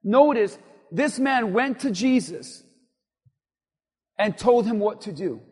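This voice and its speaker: A male pastor delivers a sermon in a strikingly high voice. He hammers home repeated lines in an emphatic cadence that climbs toward near-shouts. The sound rings out with the long reverb of a big sanctuary. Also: expressive, slow pace, breathy edge.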